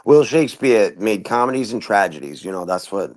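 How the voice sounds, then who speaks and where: A man's voice: lowish voice, animated, fairly quick, darkish tone. A man from New York co-hosting a casual late-night chat, full of laughter, slang and loose, profane banter. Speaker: podcast co-host.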